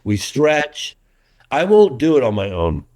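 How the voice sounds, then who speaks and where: A middle-aged documentary filmmaker chats casually in an interview, his mid-range voice moving a little slowly. He tells stories with animation, restarting often and acting out quotes.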